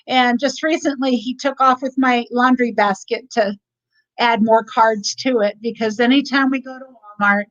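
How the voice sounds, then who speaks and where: A woman's voice: a little high, steady tone, normal speed, fairly bright tone. A woman speaking as a parent guest in casual chat, rambling with many "you know" fillers and restarts. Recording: muffled lo-fi audio.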